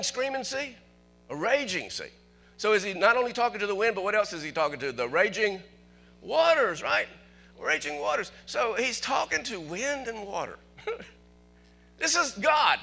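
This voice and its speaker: A man preaching a sermon as pastor, animated, asking the congregation questions and chuckling often. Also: sits high, gravelly.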